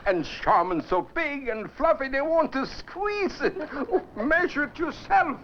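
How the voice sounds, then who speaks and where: A jolly, high, sing-song grocer. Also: male voice, sing-song, measured pace, full character voice. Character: jolly old-time grocer in a TV ad. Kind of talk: 1970s TV commercial. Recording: dull lo-fi old TV ad with hiss.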